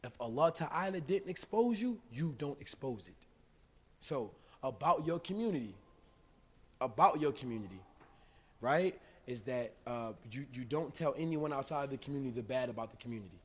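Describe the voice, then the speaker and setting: A man from the United States preaching live in a mosque, with a mid-range voice. His talk is loose and informal, with plenty of slang. He swings from loud, punchy lines to very quiet, intimate ones. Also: medium pitch, animated, normal speed, slightly rough. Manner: informal street-style speech with big swings of volume. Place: mosque hall.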